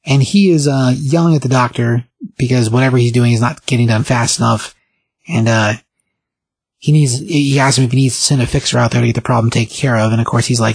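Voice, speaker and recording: A man hosts a casual podcast and recaps a comic book in a rambling, animated way. His voice is husky and slightly breathy, with a middling pitch. The sound is dry and close, with no room echo. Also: a little fast. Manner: rambling, animated retelling with quoted character lines.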